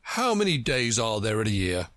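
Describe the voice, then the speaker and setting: A man reading a storybook aloud, voicing a pompous, scornful know-it-all who speaks in a lively, lilting way. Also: fairly low pitch, moderate pace, dry recording.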